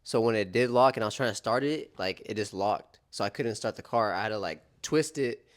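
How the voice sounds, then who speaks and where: A man's voice: on the low side, fairly quick. A young man casually telling a story on a couple's vlog, laid-back and slangy, swearing and saying "dude" and "bro". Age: young adult.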